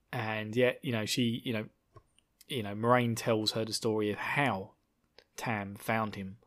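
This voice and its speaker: A man casually recapping a book chapter, rambling and laughing often, slipping into silly voices for the characters. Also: medium pitch. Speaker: book discussion podcaster.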